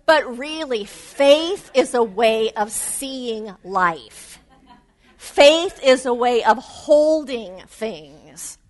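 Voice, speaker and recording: A woman giving an earnest, animated spiritual talk to a live audience. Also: on the high side, extremely slow. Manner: earnest, animated, varied emphasis. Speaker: spiritual speaker.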